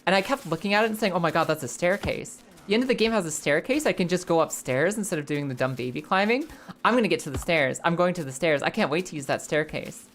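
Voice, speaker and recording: A young woman streaming a game, chatting in a rambling, animated and profane way. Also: on the low side, fast, a little hiss or hum. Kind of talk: casual live game stream chat.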